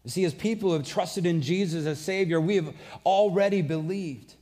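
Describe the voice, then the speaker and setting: A man's voice: high voice, normal speed, dark tone. A man preaching a sermon, earnest and conversational, mixing scripture with personal stories. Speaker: pastor.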